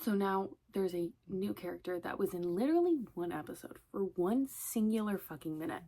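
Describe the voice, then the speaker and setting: A woman's voice: medium pitch, expressive, brisk, dark tone. A woman rambling casually in a vlog, chatty and swearing, often breaking into laughter. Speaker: vlogger.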